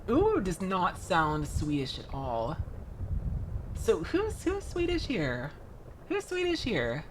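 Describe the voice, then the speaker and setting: Chatty, animated young woman. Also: mid-range voice, slight background noise. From Florida, United States. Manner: chatty, animated, quick laughs and restarts. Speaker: streamer. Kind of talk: casual livestream chat while building a model kit.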